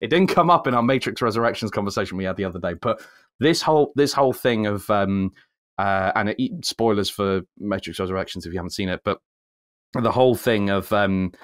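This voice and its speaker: Brief: male co-host, lower voice, dry close sound, animated rant that jumps high when excited. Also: a little fast, no room sound. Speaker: podcast co-host. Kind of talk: casual chat.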